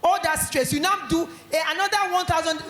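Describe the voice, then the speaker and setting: A middle-aged woman with a Nigerian accent giving a lively motivational talk at an education conference, acting out little scenes. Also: very high-pitched, fairly quick, echoey room. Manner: animated, acts out little scenes in quoted voices.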